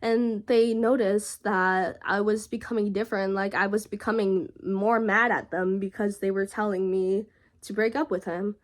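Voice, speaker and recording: A young woman vlogger telling a personal story in a halting, emotional way, with frequent fillers and pauses. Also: mid-range voice, steady tone.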